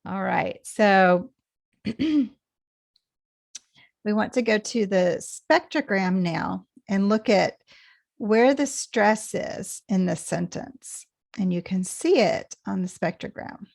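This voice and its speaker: A woman teaching pronunciation, speaking very slowly and repeating each phrase with patience. Her voice carries a gravelly fry. The recording is dry and close, with no room sound. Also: mid-range voice, animated, darkish tone, dry recording. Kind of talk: slow explanatory lesson.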